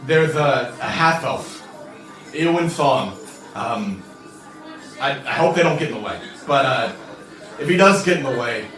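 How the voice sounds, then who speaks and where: A cloaked elf schemer, as a man puts him on, rambling and hesitant and full of filler words, with a quick delivery and a bright tone. The voice echoes in a roomy space, heard from a distance over faint music. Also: a little high.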